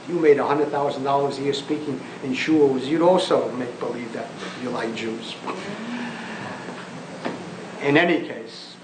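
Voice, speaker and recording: A man's voice: medium pitch, unhurried, long pauses. A man giving an impassioned lecture on Jewish thought, emphatic and often sarcastic, repeating phrases for force. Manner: sarcastic asides. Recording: echoey room with faint background noise.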